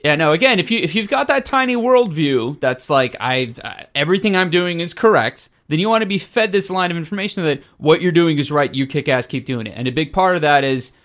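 A man's voice: on the high side, expressive, a little fast, few pauses, fairly bright tone. A man in a casual comedic podcast chat, making wry, jokey asides.

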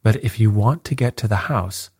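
A man voicing a plain-spoken rural coach driver with rustic speech and a husky voice. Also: lowish voice, normal speed, darkish tone, dry recording, clean studio sound.

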